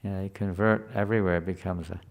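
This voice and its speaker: A man's voice: deep voice, steady tone, fast, creaky. A man teaching a scripture class to a live group in a conversational way, often asking the listeners questions.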